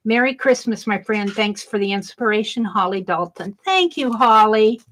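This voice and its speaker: A cheerful middle-aged woman vlogs while crafting at home, thinking out loud as she works in casual chat. Her voice is medium-pitched, animated and a bit bright, at a normal speed. The recording is rough.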